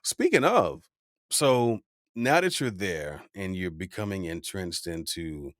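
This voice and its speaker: A man hosting a podcast, asking relaxed follow-up questions in casual conversation. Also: low-pitched, slow, no echo, clean studio sound. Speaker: podcast host. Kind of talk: casual interview chat.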